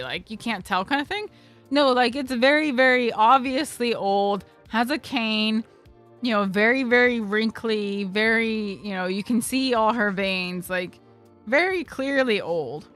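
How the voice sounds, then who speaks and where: A woman's voice: fairly high pitch, measured pace, fairly bright tone, soft background music. A young woman streamer telling a casual story, rambling with lots of fillers and swearing freely.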